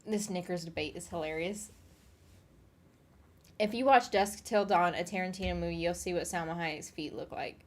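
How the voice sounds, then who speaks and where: Chatty low-voiced woman streamer. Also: moderate pace. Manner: rambling, chatty, reads and answers chat. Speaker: streamer reading chat. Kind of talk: casual livestream chat. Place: home office.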